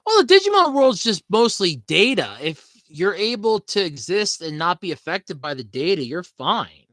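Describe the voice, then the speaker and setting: A podcast host with a high, sing-song voice talks at normal speed in a fairly bright tone, captured in a dry recording. His chat is casual and rambling, with free swearing and laughter at his own jokes.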